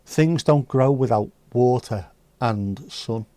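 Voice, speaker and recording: A man hosts a livestream, chatting casually and reading viewer comments aloud with rambling, dry jokes on the side. His medium-pitched voice is slow and warm, recorded with no echo.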